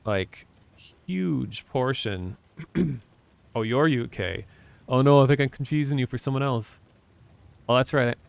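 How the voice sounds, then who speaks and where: A man's voice: medium pitch, unhurried, vocal fry, no room sound. A man from Minnesota chatting in a rambling, casual way to his viewers while he plays a game. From Minnesota, USA. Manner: rambling, chatty, talks to chat. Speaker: livestreamer. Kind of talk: casual chat while playing games.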